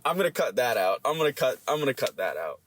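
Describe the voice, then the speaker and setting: A man's voice: medium pitch, sing-song, fast, a bit bright, soft background music. A young man co-hosting a podcast in casual chat, fidgety and self-conscious, often apologizing. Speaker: podcast co-host.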